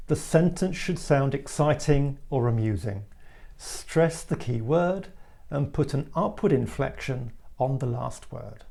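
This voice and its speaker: Guy with a bit of gravel in his voice, teaching english stress, explains calmly then acts out lines. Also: slow pace. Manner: clear explanatory delivery, acting out example sentences with big pitch swings. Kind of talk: spoken English lesson with read-out examples.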